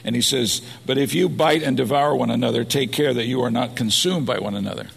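Male pastor, gravelly and husky, earnest sermon delivery, long hall reverb. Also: medium pitch, a little fast, few pauses. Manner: earnest preaching, rising to emphasis.

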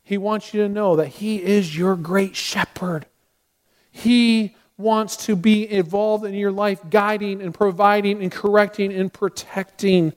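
A man's voice: high voice, a little mellow. A male pastor preaching a Sunday sermon, asking the congregation direct questions and closing in prayer. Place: church sanctuary. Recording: long hall reverb.

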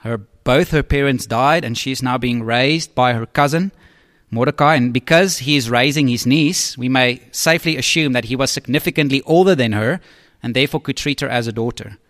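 A man's voice: medium pitch, normal speed, fairly bright tone, no room sound, studio quality. A man preaching as a pastor, talking conversationally and often checking in with the congregation. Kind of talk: sermon.

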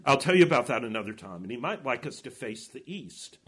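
A man's voice: medium pitch, sing-song, a little fast, a bit bright, husky. A man reading an eager schoolboy from a storybook. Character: earnest schoolboy, curious and eager.

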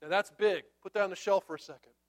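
A man preaching a sermon, telling a Bible story in an animated way and acting out the characters. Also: high-pitched, quick pace. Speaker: pastor.

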